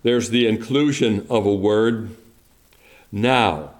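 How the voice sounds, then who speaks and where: A man preaching a sermon to his congregation, speaking deliberately and building emphasis through repetition. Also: medium pitch. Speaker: pastor.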